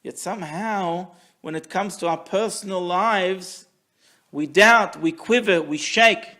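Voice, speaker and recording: A man teaching a weekly Torah class who tells stories in a lively way and acts out the people in them. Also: high-pitched, takes it slowly. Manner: animated storyteller, acts out quotes. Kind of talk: storytelling Torah lesson.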